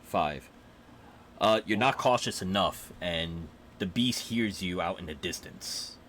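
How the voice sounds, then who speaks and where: A man narrates a tabletop role-playing game as its game master. He talks in a halting way, with pauses and fillers. A faint steady hiss sits behind his voice. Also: deep voice.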